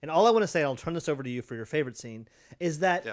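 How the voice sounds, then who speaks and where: A man with a fairly high voice whose pitch swings widely, chatting about a movie with a co-host. He slips in wry, sarcastic asides and laughs easily. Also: lively intonation, very fast. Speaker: podcast co-host. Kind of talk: casual movie-review chat.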